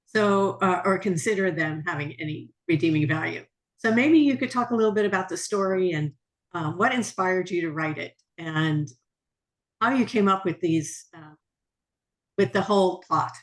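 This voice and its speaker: A woman's voice: fairly low pitch, moderate pace. A woman hosting a bookshop author interview, conversational with frequent hesitations.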